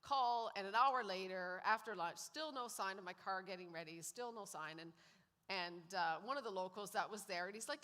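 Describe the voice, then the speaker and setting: Bright-voiced woman telling her testimony. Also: mid-range voice, moderate pace. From Canada. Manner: storytelling, acts out quoted lines. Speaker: guest speaker sharing testimony. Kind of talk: personal testimony in a church service. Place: church sanctuary. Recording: long hall reverb in a church.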